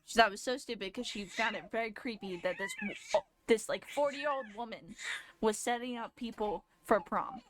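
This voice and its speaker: Young woman, casual live-stream storyteller, slightly higher pitch, loose and meandering with frequent restarts. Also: wildly swooping pitch, moderate pace, background noise. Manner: rambling, lots of fillers and restarts.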